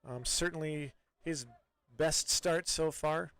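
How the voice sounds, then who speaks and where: A man doing live play-by-play soccer commentary in a relaxed, chatty way, with many fillers and restarts. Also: on the high side, takes it slowly, clear, resonant tone, no echo.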